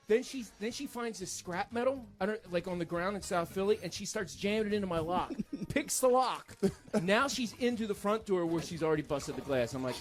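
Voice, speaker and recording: A man's voice: high voice, normal speed. A man animatedly telling a story on a radio talk show and acting out the people in it. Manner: animated, acts out voices. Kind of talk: casual storytelling.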